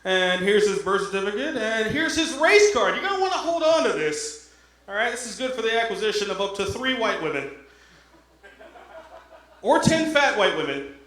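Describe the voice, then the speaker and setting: A man playing a brisk, bureaucratic clerk who runs through the rules. The voice sits a bit high and bright in an echoey room. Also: sing-song. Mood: officious.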